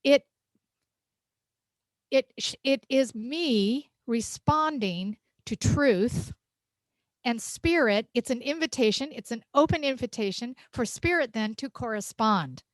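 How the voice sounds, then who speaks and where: A woman's voice: a little high, animated, slow pace, dry recording. A woman minister giving a heartfelt, emphatic sermon, laughing often as she speaks. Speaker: senior minister. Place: church sanctuary.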